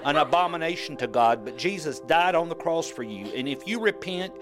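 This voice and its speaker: Guy doing a loud fire and brimstone baptist preacher, pitched up. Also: animated, brisk, over music, lightly acted. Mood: sermonizing. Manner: booming, preachy. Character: fiery adult male Baptist preacher.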